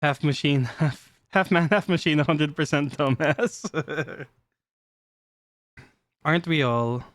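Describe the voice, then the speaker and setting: A man streaming live, chatting casually with his chat while showing cards, playful and quick to laugh. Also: fairly high pitch, fairly bright tone, no echo. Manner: playful, giggly, talks to chat. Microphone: desk mic.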